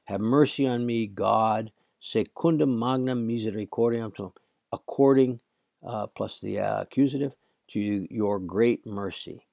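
A hoarse man gives a slow Latin lesson in a low, gravelly voice. He works through each phrase bit by bit, pausing often on fillers. The sound is dry and close. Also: warm tone, no echo. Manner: halting, many "uh" fillers, translating line by line. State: hoarse, cracking voice. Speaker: Latin teacher.

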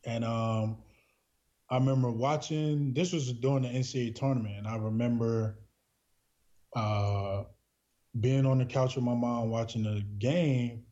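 A man's voice: mid-range voice, steady tone, a little slow, warm tone. A man from New Jersey, a podcast guest, telling a personal story in a casual, earnest way, full of filler words. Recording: dull lo-fi recording.

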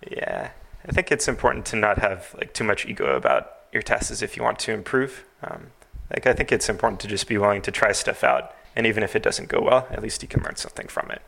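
A man's voice: lowish voice, lively intonation, fairly quick, creaky, a bit bright. A man as a podcast guest, talking in a thoughtful, hedging way with many fillers. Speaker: podcast guest, TAS creator. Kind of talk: casual podcast interview.

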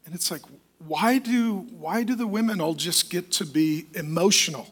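A man with a high-pitched voice delivers a sermon as pastor. He preaches with emphasis and slips into quoted voices to make his points. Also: normal speed, husky.

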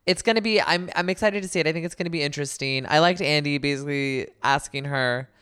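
Low-voiced chatty woman. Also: a bit bright, clear, resonant tone. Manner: chatty, quick asides and jokes. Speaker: podcast co-host. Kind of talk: casual chat about reality TV.

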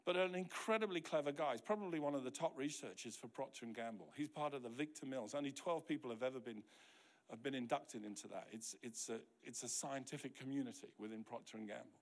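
A middle-aged man from New Zealand preaching a sermon as pastor, telling stories and acting out the quoted dialogue, sometimes dropping to a soft, quiet voice. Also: mid-range voice, quick pace. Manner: drops to a soft, quiet voice for tender moments.

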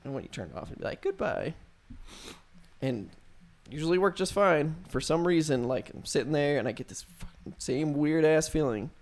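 A man's voice: a little high, expressive, a little fast, hardly any pauses, a little mellow. A young man telling a spooky story to friends in a loose, profane, casual way, full of fillers. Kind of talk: casual chat.

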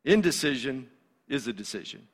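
A man's voice: medium pitch, sing-song, moderate pace. A male pastor delivering a sermon in a conversational, emphatic way, in a church sanctuary. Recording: long reverb of a large hall.

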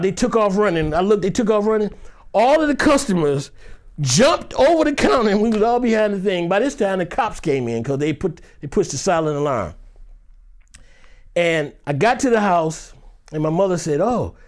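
Animated man telling a dramatic story. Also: high-pitched, normal speed. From Detroit, US. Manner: animated, acts out every voice in the story. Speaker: actor. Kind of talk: storytelling in a chat.

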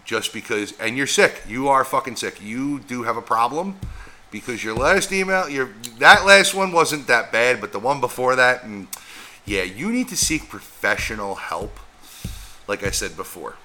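Blunt, bright-voiced podcast co-host man. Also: mid-range voice, expressive, normal speed. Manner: blunt, teasing, casual swearing. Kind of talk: casual podcast chat.

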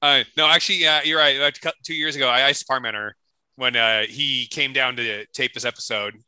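A man co-hosting a casual podcast chat, rambling through stories with many restarts and animated quotes. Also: medium pitch, smooth, no room sound, poor audio. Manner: rambling storyteller, restarts, quick animated quoting. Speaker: podcast co-host.

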